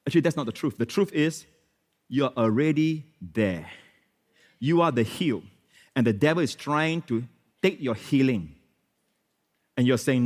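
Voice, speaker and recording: A man preaching a sermon in church as pastor, switching between loud, emphatic exclamations and hushed, prayerful phrases, with many repetitions and hallelujahs. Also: mid-range voice, animated, a little slow, pauses often, in a large hall. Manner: repeats phrases, frequent hallelujahs and amens.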